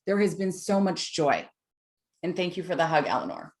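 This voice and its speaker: A woman's voice: fairly low pitch, sing-song, moderate pace, a little mellow. A woman in her forties giving a heartfelt, emphatic talk on mental health to an online audience over a video call. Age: 40s. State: tearful at times. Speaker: guest speaker on mental health.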